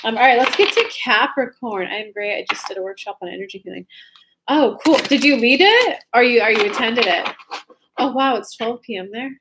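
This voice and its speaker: A woman's voice: fairly high pitch, animated, a little fast, noisy background. A young woman doing a casual, chatty tarot reading livestream from home, talking loosely and informally to her viewers. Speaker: tarot reader. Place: home room with soft lighting.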